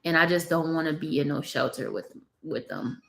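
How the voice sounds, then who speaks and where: A woman's voice: low voice, normal speed, gravelly. Tearful young mother confiding in viewers. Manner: candid, confiding, addresses viewers as y'all. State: tearful, on the verge of crying. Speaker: vlogger, mother of three. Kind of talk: emotional casual vlog chat. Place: at home, with her baby on her lap.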